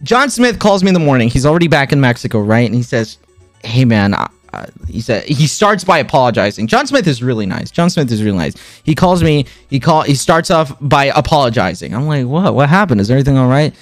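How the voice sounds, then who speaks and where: Soft music plays behind a young man in his twenties as he chats with his stream audience, repeating himself and letting his pitch rise and fall while he eagerly recounts a story. His pace is a little fast, and there's no room sound.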